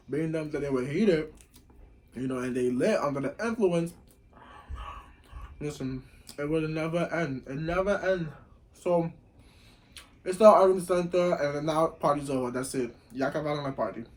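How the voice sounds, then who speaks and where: A young man telling a story casually while eating, slangy and rambling, getting loud when he acts out what people said. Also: a little high, a little slow, pauses often, low-quality recording. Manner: animated, acts out quoted lines loudly. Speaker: vlogger.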